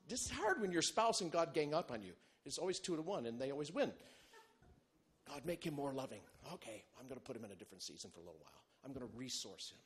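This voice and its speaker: A male pastor preaching a sermon, animated and humorous, moving between loud bursts and quiet, low asides. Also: husky. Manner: animated, humorous preaching with big swings in loudness.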